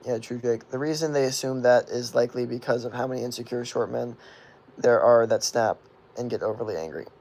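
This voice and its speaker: A man's voice: medium pitch, a little fast, a little mellow. A man in his twenties rambling through chat questions on a livestream, swearing freely and leaning on "like" and "you know" as fillers. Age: 20s. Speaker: streamer answering chat questions.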